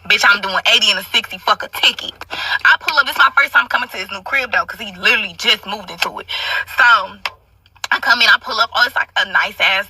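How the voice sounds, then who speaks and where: A woman's voice: mid-range voice, quick pace, bright, forceful tone, slightly rough, no room sound, recorded from a distance, low-quality recording. A young woman telling a story in a casual monologue, brash and profane, with constant asides to her listeners.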